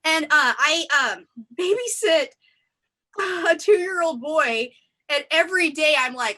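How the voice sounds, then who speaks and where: A woman's voice: sits high, unhurried, pushed and bright. A woman doing improvised stand-up comedy in a rambling, self-deprecating way, full of fillers and tangents. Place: theatre stage.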